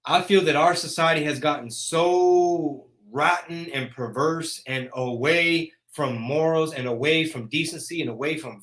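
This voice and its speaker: A man's voice: a little high, fairly bright tone. A man, hosting a casual live chat in a brash, joking rant. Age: 40s. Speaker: host.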